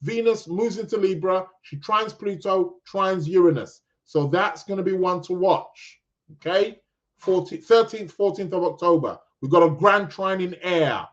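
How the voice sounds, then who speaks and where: A man's voice: high voice, measured pace. Rambling man on a dull lo-fi podcast. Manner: rambling, chuckling, lots of fillers and restarts. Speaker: podcast host. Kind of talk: casual astrology podcast chat.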